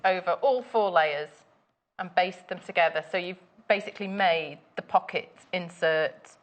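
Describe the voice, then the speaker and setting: A woman's voice: lowish voice, poor audio. A woman guesting on a live sewing show, explaining each step of a project in plain terms. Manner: explains steps plainly, apologetic when rushed. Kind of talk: craft demonstration.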